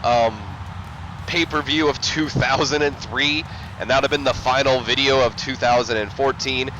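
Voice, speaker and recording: A man's voice: mid-range voice, fairly even intonation, normal speed, highs cut off, background noise. A man giving casual video game commentary as a let's play host, rambling and self-mocking with many fillers.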